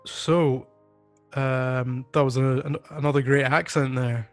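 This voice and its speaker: A man's voice: medium pitch, fairly even intonation, slow pace, faint music behind. Man hosting a joking podcast chat. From Scotland. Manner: joking, hesitant with fillers. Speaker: podcast host. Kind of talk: casual chat.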